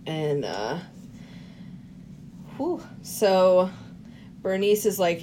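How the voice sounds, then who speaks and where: A woman's voice: mid-range voice, animated, measured pace, darkish tone, a little hiss or hum. A woman co-hosting a casual podcast, retelling movie scenes and acting out the characters' lines with frequent laughter. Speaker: podcast co-host. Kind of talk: casual movie recap chat.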